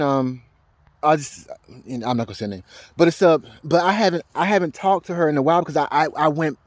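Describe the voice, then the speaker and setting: A young man telling a rambling personal story as a vlogger, halting and repeating words, laughing often and swearing. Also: fairly high pitch, no room sound.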